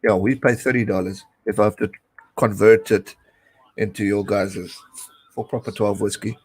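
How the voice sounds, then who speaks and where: Excitable South African man cheering rugby. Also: fairly low pitch, moderate pace, slightly rough, low-quality recording. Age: late 20s. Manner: chatty, excitable, cheering at the screen. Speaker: live-stream host. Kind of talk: casual watch-along commentary.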